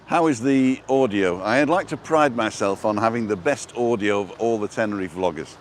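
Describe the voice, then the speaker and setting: A man's voice: on the low side, moderate pace, slight background noise. A man hosting a casual walking vlog outdoors, chatting and reading out viewer comments, recorded on a wireless lapel mic. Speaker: vlogger host. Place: outdoors on a seafront promenade.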